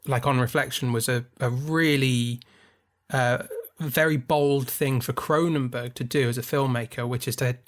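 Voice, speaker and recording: A man's voice: mid-range voice, fairly bright tone. A man co-hosting a film podcast, explaining his views at length with enthusiasm. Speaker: podcast co-host. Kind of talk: casual film discussion.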